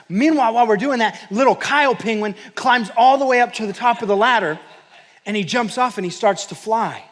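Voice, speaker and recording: A man's voice: extremely high pitch, fairly quick. A man giving a workshop talk as a mental performance coach and pastor, telling stories animatedly and acting out the voices in them. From New Mexico, US. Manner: animated storytelling with quoted voices. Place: church hall, live audience.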